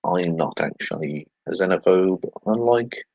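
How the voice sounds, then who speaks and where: A man's voice: deep voice, unhurried, slightly rough, no room sound, dull audio. A man hosting a casual commentary video, reading tweets aloud with sarcastic, swearing asides and muttered remarks. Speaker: channel host.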